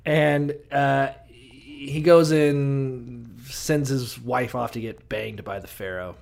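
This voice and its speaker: A man co-hosting a podcast, casually retelling Bible stories with heavy swearing and quick acted-out voices for the characters. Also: mid-range voice, gravelly. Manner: profane, animated, acts out characters in quick bursts. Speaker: podcast co-host.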